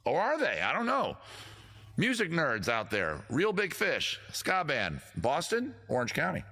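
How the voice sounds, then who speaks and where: A man with a baritone voice, hosting his own live stream and joking about himself in loose, rambling banter between songs. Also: huge pitch swings, measured pace, bright, forceful tone. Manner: self-deprecating, chatty, jokey. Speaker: host and guitarist of a live stream show. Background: his own guitar.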